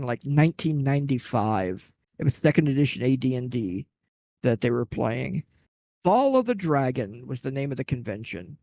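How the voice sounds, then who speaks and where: A man's voice: medium pitch, warm tone, no echo. A man casually telling a long, rambling anecdote on a podcast, acting out the quotes. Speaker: podcast guest telling a gaming story. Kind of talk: casual storytelling chat.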